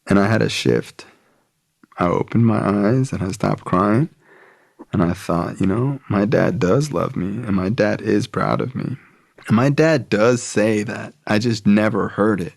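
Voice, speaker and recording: A man's voice: on the low side, measured pace, creaky, no room sound, clean studio sound. A man, a podcast guest, telling a personal story in a casual, loose way, full of "like" and "bro". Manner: casual, relaxed, frequent "like" and "bro".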